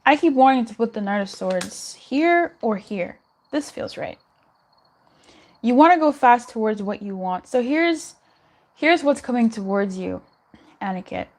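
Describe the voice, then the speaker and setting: A woman's voice: on the high side, lively intonation, moderate pace, a little mellow. A young woman doing a live tarot reading in a chatty, reassuring way, giggling and swearing now and then. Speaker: tarot reader.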